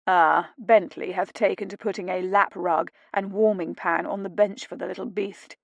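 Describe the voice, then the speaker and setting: A playful young nobleman, calm and fond, teasing his wife gently, read by a woman in her own voice. Her pitch stays in a middle range, and the recording is dry and close. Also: moderate pace, gravelly, dry recording, lo-fi sound. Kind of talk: audiobook dialogue reading.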